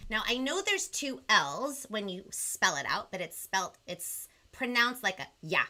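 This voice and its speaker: A woman's voice: mid-range voice, sing-song, measured pace, bright, forceful tone. A woman hosting a live bilingual children's show, bubbly, counting along and mixing in Spanish words. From Southern California. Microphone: video call.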